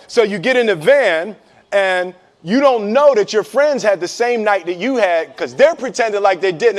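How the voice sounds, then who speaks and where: A man's voice: high voice, expressive, normal speed. A man telling a story with lots of laughter, acting out what people say and often repeating his words. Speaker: speaker giving life advice. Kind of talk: animated storytelling with acted-out quotes.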